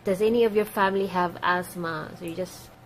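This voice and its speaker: A woman teaching a language lesson for medical staff. She explains each phrase patiently and repeats it slowly. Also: on the low side, fairly even intonation, slight background noise, poor audio.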